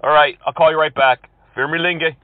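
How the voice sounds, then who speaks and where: A man making prank phone calls to scammers, mocking and insulting them, switching from fake politeness to yelling. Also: fairly high pitch, fairly even intonation, a little fast, a little hiss or hum. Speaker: scam-baiting prank caller. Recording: tinny phone-call audio.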